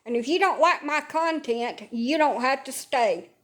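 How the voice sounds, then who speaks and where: Her high, fairly bright voice is expressive and a little slow. Stretched out in bed at home, this social media livestreamer talks in a rambling, casual way, sarcastic, blunt and swearing freely.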